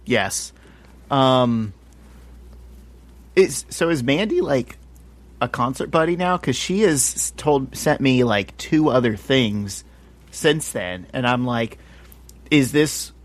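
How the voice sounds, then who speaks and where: A man co-hosting a casual comic-book podcast, relaxed and chatty, laughing often and swearing in passing. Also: medium pitch, slow pace, long pauses. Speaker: podcast co-host.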